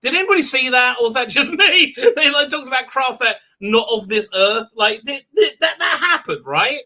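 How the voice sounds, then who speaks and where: A man hosting a casual livestream, chatting with viewers in a rambling, excitable way and laughing often. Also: extremely high pitch, moderate pace. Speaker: livestream host; rabbi. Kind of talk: casual live-stream chat reading viewer comments.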